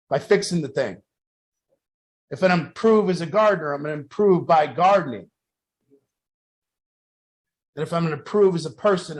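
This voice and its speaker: Man, slightly high voice, blunt, profane, group talk leader. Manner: blunt, profane, storytelling with acted quotes.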